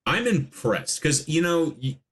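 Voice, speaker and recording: A man hosting a podcast, chatting casually about a movie with quick jokes and frequent laughter. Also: fairly high pitch. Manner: animated, laughing, jokey asides. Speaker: podcast host. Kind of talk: casual movie commentary chat.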